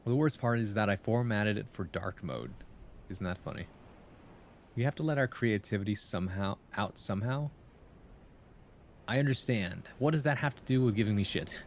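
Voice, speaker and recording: Low gravelly-voiced man streaming casually. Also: a little hiss or hum. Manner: playful, reads poems aloud, hums rhythms, tags questions with "right?". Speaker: streamer giving feedback on viewer writing. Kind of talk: casual live-stream chat and poem reading.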